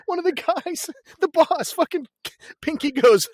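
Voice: very high-pitched, expressive, measured pace, no echo, clean studio sound. A podcast co-host retelling a movie scene by scene in casual chat. They laugh constantly and swear freely.

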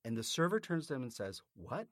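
A man's voice: medium pitch, sing-song, quick pace, dry recording, studio quality. A man co-hosting a podcast, telling a story in a casual, indignant rant and swearing freely. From North America. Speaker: podcast co-host. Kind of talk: casual chat, ranting story.

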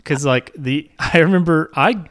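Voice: mid-range voice, moderate pace, a bit bright. A podcast co-host in casual chat, teasing with dry quips.

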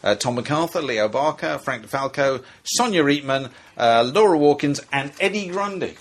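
Easygoing podcast host. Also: male voice, medium pitch, expressive, moderate pace. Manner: easygoing, wraps up segments. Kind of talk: casual podcast hosting.

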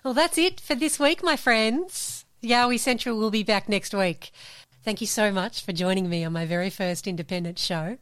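Aussie lady podcast host, mid pitch, laughs a lot, dry close mic. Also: normal speed, fairly bright tone, dry recording. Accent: Australian. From Australia. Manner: chatty, laughs often. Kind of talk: casual chat.

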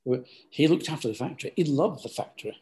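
A man's voice: medium pitch, lively intonation, fast talker, darkish tone. An older man, a business founder, giving rambling, hesitant interview answers full of restarts.

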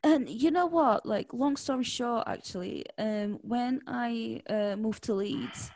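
A woman from Portugal talks in a relaxed, mellow tone. Her Portuguese accent slips into a bit of Yorkshire now and then. The recording is close and dry, and she rambles reflectively with plenty of "you know"s. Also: fairly high pitch, takes it slowly, dry recording. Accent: Portuguese with a light Yorkshire tinge. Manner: reflective, lots of fillers and restarts. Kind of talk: casual chat.

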